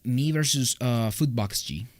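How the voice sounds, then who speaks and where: A man's voice: mid-range voice, unhurried, a little hiss or hum. A young man from Colombia chatting casually with his live-stream audience from his home recording room, rambling and joking with loose restarts. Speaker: streamer answering chat.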